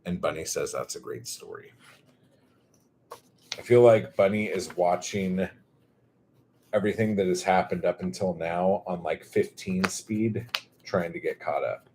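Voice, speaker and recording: A man with a low, deep voice and a drawling Californian surfer-dude accent chats on a casual livestream. He stretches his words out, rambles and swears freely while reading chat aloud. A faint noise sits behind his voice. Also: measured pace, pauses often, darkish tone.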